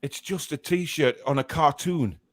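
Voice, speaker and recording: A man's voice: a little high, a little slow. A man hosting a casual live stream, reading out viewer comments with jokey, mock-exasperated banter. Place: home studio chair.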